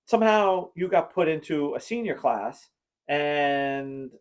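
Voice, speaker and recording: A podcast host tells a long, rambling story from his school days in casual storytelling chat. He acts out the voices of the people involved and breaks into laughter at his own jokes. His voice is on the high side, slow, with lively intonation.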